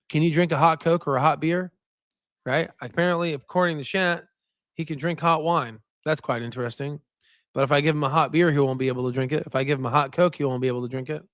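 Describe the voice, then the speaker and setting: A man's voice: on the high side, a bit bright, no room sound, clean studio sound. A man hosting a stock market livestream in a casual, rambling way, chatting about viewer comments and often tagging "right?" onto his points. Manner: repeats "right?" as a filler. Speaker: stock market channel host.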